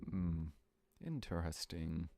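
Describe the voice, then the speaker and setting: A man's voice: low-pitched, expressive, slow pace, noisy background. A young man giving casual, rambling commentary while playing a video game, joking and laughing often. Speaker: gameplay commentator. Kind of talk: casual let's play commentary. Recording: game music behind. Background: game music.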